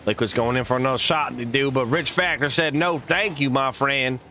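A man's voice: mid-range voice, normal speed, bright, forceful tone, faint music behind. A man putting on a Southern US accent as a folksy male esports caster, hyped and full of goofy made-up slang. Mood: excited. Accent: put-on Southern US. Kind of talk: live esports commentary.

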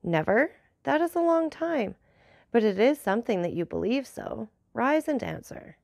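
A woman's voice: a little high, big pitch swings, normal speed, creaky, a little mellow, no room sound, clean studio sound, pitched above the performer's own voice, heavily acted. Woman reading an aloof noble count.

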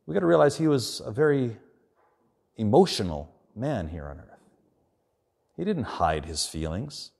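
A man's voice: mid-range voice, very animated, vocal fry. Earnest man preaching a sermon. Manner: earnest, dropping quiet and slow for emphasis. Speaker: pastor.

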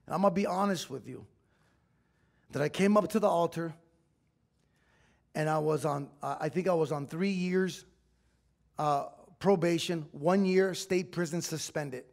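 A middle-aged man, a pastor, preaching a sermon in a church, telling a personal story in an emotional, confessional way that swells at times into shouting. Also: a little high, measured pace, vocal fry, pauses often. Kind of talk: sermon testimony. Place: church sanctuary.

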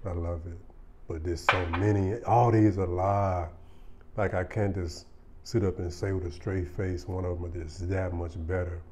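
A very low-voiced man talks through his fragrance picks at an easy, drawn-out pace. He is relaxed and full of slang. He gets openly enthusiastic as he chats. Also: slight background noise. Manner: laid-back, slangy, enthusiastic. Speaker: fragrance reviewer. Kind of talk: casual product review chat.

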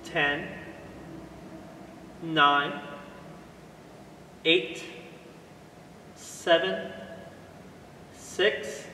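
A man investigating the paranormal in an empty office building at night, calmly asking a spirit questions and counting down slowly in a measured way. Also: on the high side. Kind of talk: ghost-hunting vlog, questioning a spirit. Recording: echoey room, mic some distance off, faint noise.

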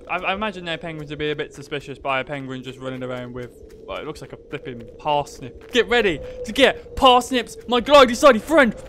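A man giving casual, joking gameplay commentary, excitable and swearing freely. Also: fairly high pitch, a little hiss or hum. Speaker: gaming youtuber.

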